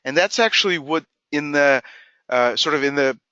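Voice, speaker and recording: A man presenting a business webinar as a company executive, in an energetic, emphatic manner. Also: on the high side, moderate pace, clear, resonant tone, dry recording, lo-fi sound. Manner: energetic, emphatic, acts out quoted dialogue.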